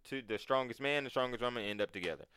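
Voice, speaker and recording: A man in casual chat, talking in an animated, profane way and acting out quotes. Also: medium pitch, fast, clean tone, dry recording, studio quality.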